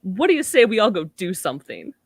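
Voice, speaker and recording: A woman's voice: medium pitch, very animated, brisk, slightly rough, no echo, clean studio sound. A woman voicing a jovial, childlike male alien presence in a sing-songy manner during a podcast read-through. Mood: coaxing.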